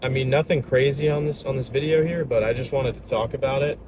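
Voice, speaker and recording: Upbeat young guy rambling in slangy vlog talk, mid pitch, cars and traffic all around him outside. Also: fairly even intonation, fast. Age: young adult. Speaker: vlogger and salesman. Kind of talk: casual vlog chat. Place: outdoors by a road. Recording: outdoor traffic noise.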